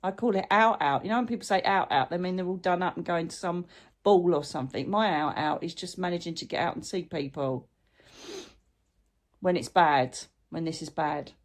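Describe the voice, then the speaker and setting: A woman's voice: lowish voice, moderate pace. A woman, host of her own channel, chatting in a rambling, heartfelt way while living with a chronic illness. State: chronic illness, brain fog. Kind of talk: casual heartfelt vlog chat.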